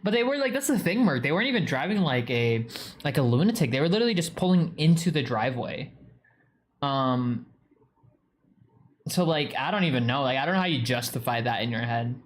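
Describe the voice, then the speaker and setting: A man's voice: medium pitch, big pitch swings, fairly quick. A young man with a New England accent chatting casually on a stream, rambling, full of "like" fillers and swearing. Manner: rambling, heavy use of "like" and swearing. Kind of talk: casual live-stream chat reading viewer comments.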